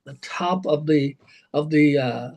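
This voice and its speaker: An older man, a rock singer being interviewed, telling animated stories, acting out quotes, swearing and laughing. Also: fairly high pitch, slow pace, low-quality recording. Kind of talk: storytelling interview.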